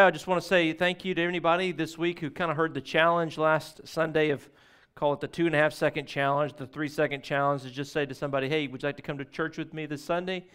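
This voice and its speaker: A man pastor with a drawl preaches in a church sanctuary. His voice sits somewhat high for a man. He tells stories in an easy, folksy way and keeps swinging between loud and quiet. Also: smooth. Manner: conversational, folksy storytelling with shifts in loudness. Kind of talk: sermon.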